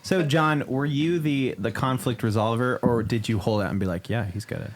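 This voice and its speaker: A man's voice: medium pitch, normal speed. A man hosting a podcast in a casual chat, teasing his guests and asking probing questions. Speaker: podcast host.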